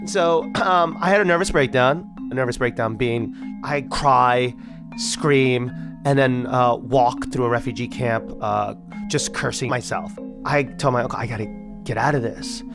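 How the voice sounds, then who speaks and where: A man in his thirties telling a personal story in the first person, animated and acting out the people in it. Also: medium pitch, measured pace, over music. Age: 30s.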